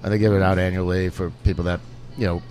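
A man in his forties with a fairly low voice tells stories in a casual interview. He rambles easily and often restarts his sentences as he goes. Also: level tone, quick pace, darkish tone, soft background music. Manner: easygoing, rambling, with frequent restarts. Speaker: restaurant owner, guest.

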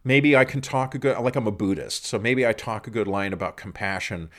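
A man's voice: on the low side, brisk, fairly bright tone. A man talking casually as a guest scholar, profane and self-mocking, telling stories with plenty of swearing. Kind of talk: casual conversation.

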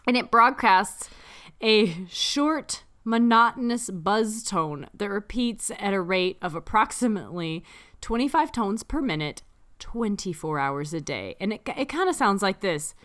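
A woman co-hosting a casual podcast with a lively voice that rises and falls widely. She reads out research notes and keeps breaking into laughter. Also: medium pitch, measured pace. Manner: laughs often, playful, does silly voices. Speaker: podcast co-host.

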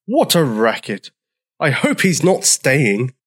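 Man doing a grumpy old dinosaur, gruff, grumbling, slow, storybook. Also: mid-range voice, sing-song, fairly bright tone, full character voice. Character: grumpy old male triceratops. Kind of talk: storybook character voice.

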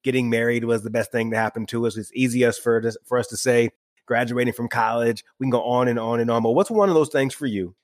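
A man's voice: medium pitch, steady tone, quick pace, dry recording, studio quality. A man hosting a podcast interview, chatting enthusiastically and asking reflective questions. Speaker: podcast host. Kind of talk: casual interview chat.

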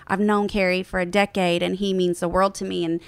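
A woman in the music publishing business telling a story in casual chat, animated, jumping into higher voices when she quotes people. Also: fairly quick, gravelly, smooth, no room sound. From Nashville-based. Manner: animated, acts out quotes in raised voice.

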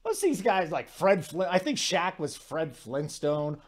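A man in his forties hosting a sports talk show, telling stories in a rambling, animated way with lots of asides. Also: fairly high pitch, measured pace. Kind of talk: casual sports talk monologue.

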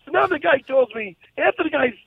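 A man hosting a podcast, telling a story in a casual, animated and profane way and laughing at his own story. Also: extremely high pitch, fast, creaky, no room sound. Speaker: podcast co-host. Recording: tinny, phone-like dry sound.

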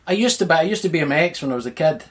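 A man's voice: fairly high pitch, animated, racing. A man with a Northern Irish accent, a podcast guest with dry, wisecracking humor. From Northern Ireland. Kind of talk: casual chat.

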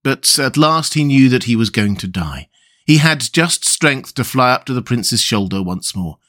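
A male storyteller reads a classic tale aloud at a middle pitch. His narration is calm and even, as he hosts his own story show. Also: normal speed. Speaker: storyteller and podcast host.

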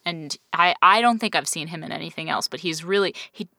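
A woman's voice: low-pitched, brisk, vocal fry, pushed and bright, no echo, clean studio sound. A woman co-hosting a casual podcast chat, talking in a chatty, giggly way with many restarts. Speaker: podcast co-host.

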